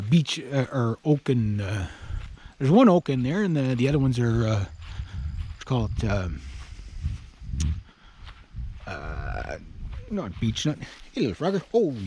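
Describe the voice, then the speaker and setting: A man's voice: mid-range voice, a little mellow. A middle-aged man from Canada talking casually as he walks around his yard, rambling with asides and the odd swear word. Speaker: vlogger. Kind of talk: casual walkaround explainer. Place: outdoors in a wooded yard.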